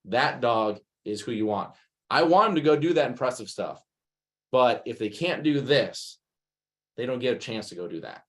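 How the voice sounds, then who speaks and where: A man, a retriever dog trainer answering questions in an animated way, acting out scenes as he goes. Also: mid-range voice. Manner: animated, acts out scenes in quick bursts. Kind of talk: masterclass Q&A answer.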